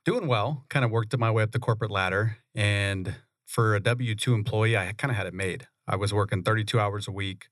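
A man, a real estate investor, telling his story in a relaxed, conversational way in a radio studio. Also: lowish voice, brisk, hardly any pauses, dry recording. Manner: relaxed, conversational, laughs often. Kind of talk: interview storytelling.

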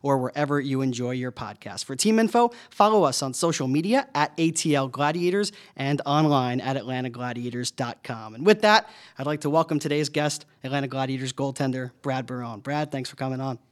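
A man's voice: mid-range voice, brisk, few pauses. Upbeat man hosting a sports podcast. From Northeastern US. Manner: friendly, upbeat, chatty questioning. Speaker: podcast host, team broadcaster.

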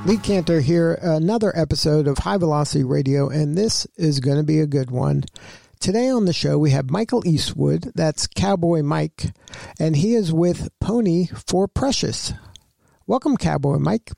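A male radio host with a gravelly, mellow voice, recorded dry and close in a studio. He asks his guest questions in an upbeat, friendly way. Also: fairly high pitch, lively intonation, normal speed, dry recording. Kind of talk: interview hosting.

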